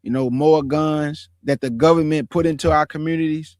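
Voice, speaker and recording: A man's voice: on the high side, fairly even intonation, normal speed, a little mellow, clear, resonant tone, no echo, studio quality. A man in his forties giving a casual testimony to his online audience, preachy and emphatic, repeating phrases in slangy street talk. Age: 40s. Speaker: streamer.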